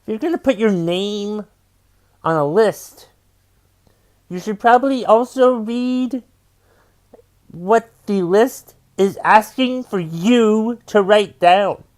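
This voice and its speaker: A man's voice: sits high, slow pace, pauses often. A man who hosts his own podcast as a stand-up comedian, ranting in an exasperated, profane way and repeating his refrains. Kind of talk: comedic rant.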